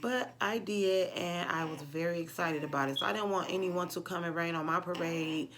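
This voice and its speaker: A woman's voice: lowish voice, moderate pace, background noise. A woman, talking casually to camera as a vlogger, chatty and laughing often as she acts out what others said.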